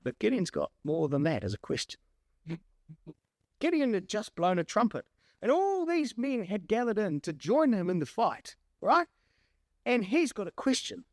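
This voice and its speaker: A male preacher giving a sermon, animated and full of rhetorical questions. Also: high-pitched, moderate pace, dry recording, studio quality.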